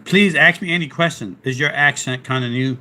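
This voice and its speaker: A man's voice: mid-range voice, brisk, bright, forceful tone, a little hiss or hum. A man with a Philadelphia accent, talking casually on a live stream and reading chat aloud. He rambles and restarts his sentences while fighting off a sore throat. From South Philadelphia, USA. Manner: chatty, rambling, restarts often.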